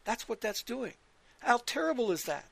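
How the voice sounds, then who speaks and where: A man preaching with a high, gravelly voice and a dry, close sound. He talks emphatically, presses his points again and again, and rattles off scripture verses. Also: sing-song, normal speed, fairly bright tone, no echo. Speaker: religious radio teacher.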